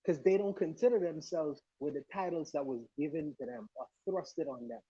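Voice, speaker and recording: A fairly high-voiced man with a mellow, husky tone argues with passion on a podcast livestream. He laughs often and drives his points home with emphasis. His remote mic sounds dull and dry. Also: brisk, dry recording. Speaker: podcast panelist. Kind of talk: casual livestream discussion. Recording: muffled, low-volume remote mic.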